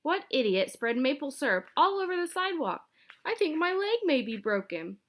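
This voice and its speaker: A woman voicing a wealthy older woman who is indignant and scolding, shouting her complaints in a children's storybook. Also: mid-range voice, steady tone, measured pace, clean tone, close to an everyday voice. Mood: angry shouting. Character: indignant old rich woman, easily outraged.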